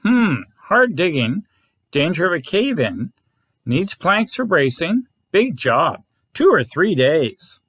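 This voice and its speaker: Storybook critter: a man voicing a brisk, clipped gopher contractor, higher-pitched and all business. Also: sing-song, fairly bright tone, husky, no echo, heavily acted.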